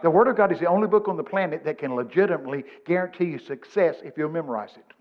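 A man, preaching a sermon in a folksy, animated storytelling way, quoting scripture. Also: fairly high pitch, quick pace, muffled recording. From Texas. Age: 70s.

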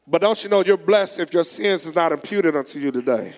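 Guy preaching a sermon, kinda high voice, big reverby church, reads verses slow then gets fired up. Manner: reads scripture slowly, preaches with rising energy. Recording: long echo of a large hall.

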